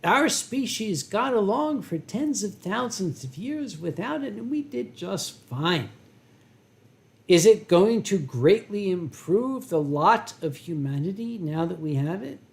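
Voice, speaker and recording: Sipping wine during a casual live stream, a man in his fifties responds to chat in a slow, creaky drawl with big pitch swings. He's rambling and profane, pausing for effect before lurching from loud outbursts to quiet asides.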